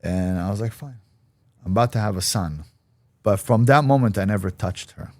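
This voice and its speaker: Low-voiced man telling a blunt story. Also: normal speed, no room sound. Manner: blunt, animated, acts out quoted voices. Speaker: interview guest. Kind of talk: candid personal storytelling.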